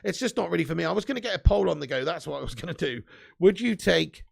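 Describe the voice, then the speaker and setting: A man's voice: fairly high pitch, animated, fast talker, gravelly. A young man hosting a live stream, chatting casually with his viewers and bantering, swearing and laughing often.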